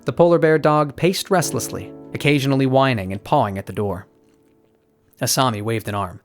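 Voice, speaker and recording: A man's voice: medium pitch, fairly quick, soft background music. Man narrating an audiobook.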